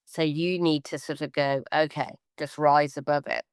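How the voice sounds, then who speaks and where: Lively woman, smooth voice. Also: moderate pace, dry recording, clean studio sound. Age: middle-aged. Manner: animated, acts out quoted voices with big pitch jumps. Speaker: podcast co-host, artist. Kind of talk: casual podcast chat.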